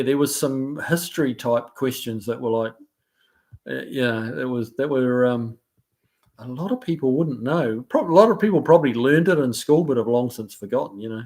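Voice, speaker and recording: With a mid-range, darkish-toned voice, a New Zealand man casually hosts a live stream. He reads viewer comments aloud and gives loose answers, packed with fillers and restarts.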